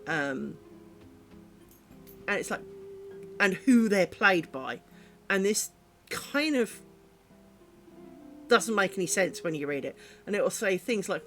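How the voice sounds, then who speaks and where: A woman's voice: medium pitch, big pitch swings, unhurried, long pauses, soft background music. A woman streaming her lace-making, chatting casually and rambling, with the odd swear word. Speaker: craft streamer.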